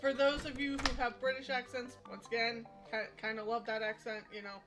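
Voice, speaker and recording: A woman's voice: on the high side, level tone, a little fast, a bit bright, faint music behind. A woman chatting playfully with her husband on a gaming livestream, teasing and giggly. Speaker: host's wife, co-streamer. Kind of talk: casual live gameplay chat.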